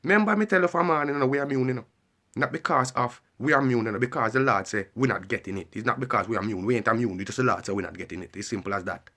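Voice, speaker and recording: A man's voice: medium pitch, racing, pushed and bright. A man delivering a heated, repetitive ranting monologue and pressing the listener with questions. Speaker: vlogger.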